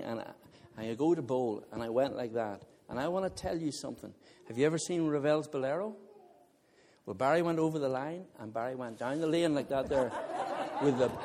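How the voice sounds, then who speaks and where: A male preacher giving a sermon, telling a funny personal story in an animated way and often laughing as he talks to the congregation. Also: mid-range voice, a little fast. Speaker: visiting preacher.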